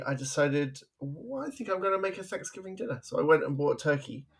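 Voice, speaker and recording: Man, gravelly voice, co-host, chatty storyteller, laughs a lot. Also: medium pitch. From England. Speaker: podcast co-host. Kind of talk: casual podcast chat.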